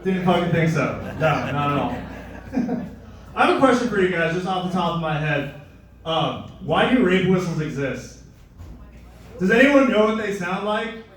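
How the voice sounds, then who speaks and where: A young man performing stand-up in a live venue, delivering crude, sardonic lines in a flat, deadpan way. His voice sits a little high, and it rings with heavy room echo, picked up from a distance. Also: normal speed, pauses often. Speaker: stand-up comedian. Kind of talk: stand-up comedy set. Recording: echoey room, mic at a distance.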